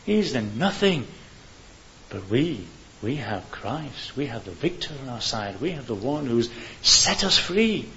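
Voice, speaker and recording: A man's voice: mid-range voice, big pitch swings, measured pace, pushed and bright. Earnest male preacher on a dull, hissy recording. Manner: earnest, rising to fervent appeals. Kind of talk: evangelistic sermon.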